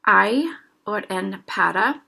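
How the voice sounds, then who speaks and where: Young woman drilling pronunciation word by word, slow and careful, bit of fry in her voice. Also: mid-range voice, expressive, sharp tone. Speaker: language teacher. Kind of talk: casual language lesson.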